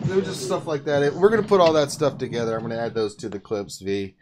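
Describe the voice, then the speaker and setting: A man hosting a casual livestream chat, telling stories in an excitable way and laughing often. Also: medium pitch, fast, few pauses, background noise. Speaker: host.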